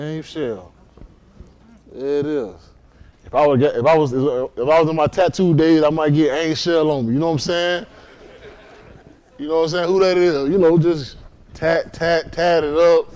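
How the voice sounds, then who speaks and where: A man from Miami leading a congregation, moving between prayer and lively, joking talk with loud exclamations, recorded in a synagogue hall during a livestream. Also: on the high side. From Miami, Florida. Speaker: congregation leader. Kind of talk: casual sermon talk and prayer.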